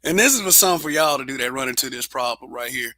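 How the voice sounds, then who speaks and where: Blunt, profane man with a bright voice. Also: medium pitch, animated, very fast, no echo. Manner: blunt, profane, laughs often. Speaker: show host. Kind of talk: casual livestream monologue.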